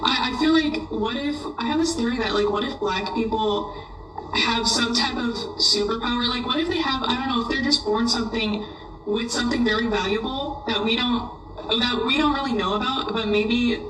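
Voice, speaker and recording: A woman's voice: on the high side, normal speed, a bit bright, a little hiss or hum. A woman chatting casually, musing and hesitant as she thinks aloud. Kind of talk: casual chat. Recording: roomy, distant mic.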